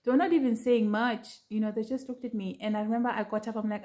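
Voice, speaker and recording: A woman's voice: a little high, fairly even intonation, fast talker, mellow. A woman earnestly recounting a dream to her viewers in casual storytelling, with lots of fillers. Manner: earnest, talks straight to viewers with many fillers. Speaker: vlogger sharing a prophetic dream.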